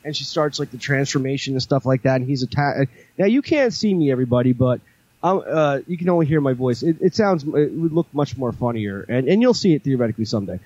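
A man's voice: mid-range voice, animated, fast, a little mellow, dry recording, highs cut off. Man, casual podcast chat, rambling with lots of fillers, dry close sound. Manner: rambling storyteller, many fillers and restarts. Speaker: podcast co-host.

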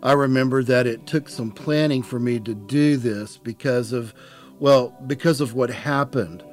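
A man voicing a steady foster father who talks in an earnest, insistent way. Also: mid-range voice, measured pace, faint music behind, lightly acted. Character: steady, sure-of-himself older foster father.

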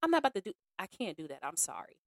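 A woman hosting a podcast in a casual monologue, frank and slangy, acting out other people in an animated way. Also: on the low side, racing, no room sound, clean studio sound. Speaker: podcast host.

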